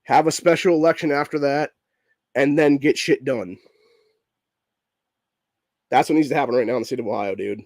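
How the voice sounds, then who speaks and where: A man's voice: mid-range voice, normal speed, long pauses, darkish tone, no room sound, studio quality. A sick-sounding man hosting a political podcast, ranting angrily and swearing constantly, with "dude" at the end of nearly every line. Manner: profane, heated, says dude constantly. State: sick, voice messed up. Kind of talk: angry political rant.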